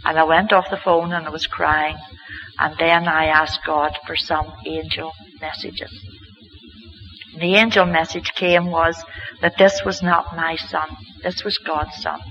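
A woman's voice: fairly low pitch, fairly even intonation, measured pace, fairly bright tone, a little hiss or hum. A woman from Ireland, giving an earnest, heartfelt spoken religious testimony as a mother. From Northern Ireland. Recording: dull lo-fi recording.

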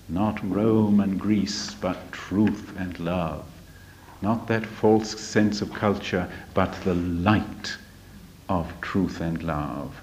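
A man teaching from a spiritual text in a deliberate, emphatic lecture, often asking rhetorical questions. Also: low-pitched, darkish tone, slight background noise. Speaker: religious study teacher. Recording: dull lo-fi recording.

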